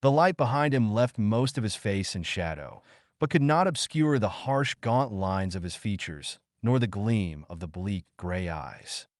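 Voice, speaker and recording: Low-voiced man narrating a dark tale. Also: animated, no room sound, clean studio sound. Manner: measured, suspenseful storytelling. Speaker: audiobook narrator. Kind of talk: dramatic audiobook narration.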